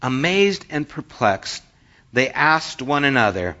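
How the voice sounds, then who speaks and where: Bright-voiced American pastor preaching. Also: male voice, fairly high pitch, lively intonation, a little slow. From United States. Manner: conversational, reads scripture and tells jokes. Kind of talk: sermon. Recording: dull lo-fi recording.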